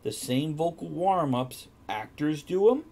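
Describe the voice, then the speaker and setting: A man's voice: on the high side, lively intonation, a little slow, vocal fry, a little mellow, slight background noise. Direct man giving practical advice. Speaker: host. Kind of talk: casual chat.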